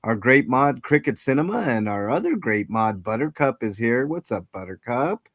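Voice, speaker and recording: A man hosts a loose, chatty livestream, greeting people in chat and drifting through half-finished thoughts full of fillers. His voice sits at an ordinary middle pitch. The sound is dry and close, with no room echo. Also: sing-song, normal speed, fairly bright tone. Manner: rambling, lots of fillers and restarts. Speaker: livestream host. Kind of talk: casual live chat.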